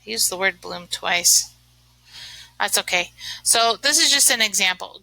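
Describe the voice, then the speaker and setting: A woman's voice: mid-range voice, animated, unhurried, creaky, long pauses, bright, forceful tone, no room sound, low-quality recording. A woman teaching a remote lesson, chatting and thinking aloud as she writes, with many fillers. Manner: chatty, uses lots of fillers. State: sneezing from allergies.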